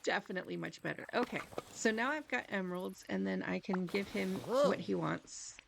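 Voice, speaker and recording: A woman's voice: medium pitch, normal speed, gravelly, noisy background. A woman live-streaming a video game, chatting casually with viewers in a rambling, giggly, self-deprecating way.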